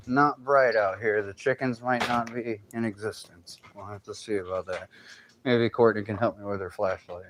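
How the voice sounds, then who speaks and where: A man hosts a casual livestream on his phone from his backyard at night, rambling and talking to his pets. His voice is fairly low and steady at a normal speed, with a noisy background.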